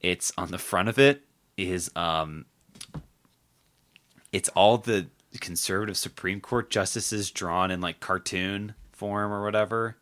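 A man hosting a podcast, chatting casually and rambling through loose thoughts with plenty of fillers and false starts. His voice sits on the low side yet has a bright, forceful edge. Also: steady tone, unhurried. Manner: rambling, heavy on fillers and restarts. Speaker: podcast host. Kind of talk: casual political chat.

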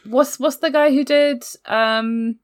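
A woman's voice: high-pitched, fairly even intonation, takes it slowly, clean tone, dry recording. Wry woman, dry close sound. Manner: wry, laughing. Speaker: podcast co-host. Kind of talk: casual chat.

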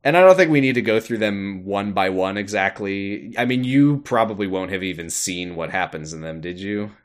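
A man with a fairly low voice co-hosts a casual podcast, walking through a video game's story. He laughs often and slips into silly character voices whenever he quotes someone. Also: moderate pace. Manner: laughs often, puts on cartoon voices when quoting. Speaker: podcast co-host. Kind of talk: casual game recap chat.

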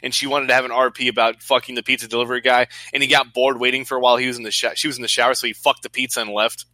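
A young man co-hosting a podcast, animated and crude, swearing freely in casual banter. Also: mid-range voice, rapid-fire, dry recording. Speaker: podcast co-host.

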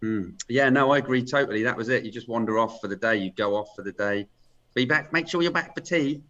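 A man's voice: medium pitch, quick pace, a bit bright. A man in his sixties chatting about films, agreeing readily and often chiming in. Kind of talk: casual film chat. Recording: muffled lo-fi sound.

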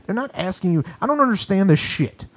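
A man's voice: high-pitched, very animated, quick pace, a bit bright. A man on a podcast in a recording studio, telling a long story as a casual rant that is agitated, profane and emphatic. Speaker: podcast co-host.

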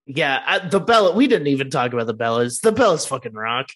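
A co-host in a casual wrestling chat, animated, with hesitant starts and some swearing. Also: medium pitch, fast talker. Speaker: podcast co-host.

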